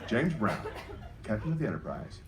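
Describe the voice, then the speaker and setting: A man doing a fast, jokey stand-up comedy routine and bantering with the audience. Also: lowish voice, very animated. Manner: quick, jokey, banters with the crowd. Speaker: comedian host. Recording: live show with loud crowd noise. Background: loud crowd laughing.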